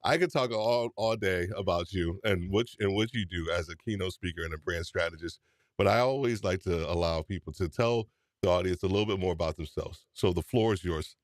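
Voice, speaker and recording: A man's voice: sits low, fairly quick, dry recording, clean studio sound. A man hosting a live-stream podcast, upbeat and chatty, often repeating his phrases. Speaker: podcast host.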